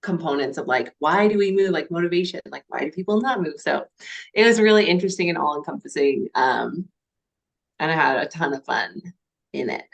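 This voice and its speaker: A woman coach as a podcast guest, talking in a relaxed, upbeat way with many fillers. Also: low-pitched, a little fast, creaky, lo-fi sound. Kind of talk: casual podcast chat.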